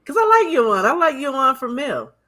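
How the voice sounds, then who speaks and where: A man hosting a casual livestream chat, animated and laughing often, tending to repeat himself. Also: very high voice, a little fast. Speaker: livestream host.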